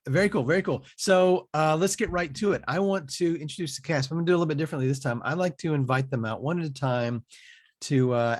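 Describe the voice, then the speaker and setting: A man's voice: mid-range voice, no room sound, clean studio sound. A man hosting an online improv show over a video call, chatty and joking, with frequent fillers. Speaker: host. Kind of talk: casual online show interview. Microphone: video call mic.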